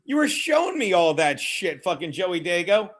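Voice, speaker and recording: Brief: brash, profane male streamer, high voice, rambling play calls and chat banter. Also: big pitch swings, moderate pace. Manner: profane, rambling, mutters while fiddling with browser; brash and mocking. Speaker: streamer hosting a betting watchalong. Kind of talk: live-stream commentary and chat.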